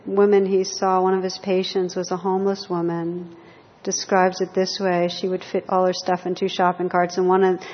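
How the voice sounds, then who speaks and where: A woman meditation teacher giving a gentle, reflective dharma talk to a group in a hall. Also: medium pitch. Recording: lo-fi hall recording with long reverb.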